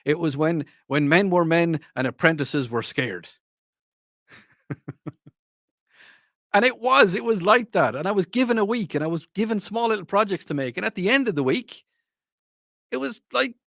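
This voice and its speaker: A man's voice: high-pitched, lively intonation, normal speed, gravelly, pauses often, a bit bright, no room sound. Rambling male radio host, dry sound. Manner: rambling storytelling with many restarts. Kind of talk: casual radio chat.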